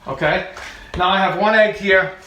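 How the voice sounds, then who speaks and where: A man with a slightly high voice runs a comedic cooking demonstration in his home kitchen. He chats and jokes, laughs at his own lines and repeats his points for emphasis. The kitchen sounds echoey, with clear noise behind him. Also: moderate pace, pushed and bright. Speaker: cooking show host.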